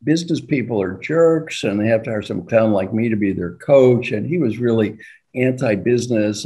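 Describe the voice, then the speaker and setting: An older man coaching on leadership, telling anecdotes with a lively, swooping pitch. His voice is dark and mellow, and he acts out both sides of the conversations he recalls. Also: fairly quick. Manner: animated, acts out dialogue with laughs. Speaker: executive coach. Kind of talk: storytelling leadership talk.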